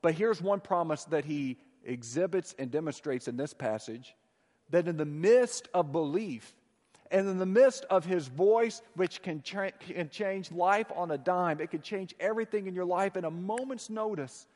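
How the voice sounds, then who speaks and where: Preacher with a lively, swinging delivery. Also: male voice, high voice, moderate pace. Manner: emphatic, swinging between loud proclamation and soft hushed asides. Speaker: pastor. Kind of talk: sermon. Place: church sanctuary. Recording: long reverb of a large hall.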